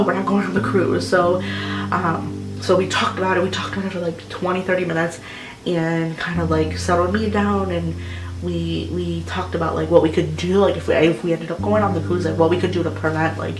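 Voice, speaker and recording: A woman's voice: on the low side, recorded from a distance. Chatty young woman in an echoey room. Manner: chatty and rambling, full of "like" and "um". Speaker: vlogger. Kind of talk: casual personal storytelling. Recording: roomy echo with music behind.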